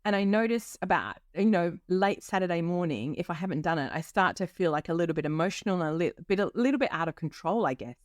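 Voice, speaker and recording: A woman's voice: lowish voice, animated, fast, hardly any pauses, no room sound, studio quality. A woman in her fifties hosting a solo podcast, talking candidly and chattily with many fillers. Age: 50s. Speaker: podcast host. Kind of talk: personal solo podcast reflection.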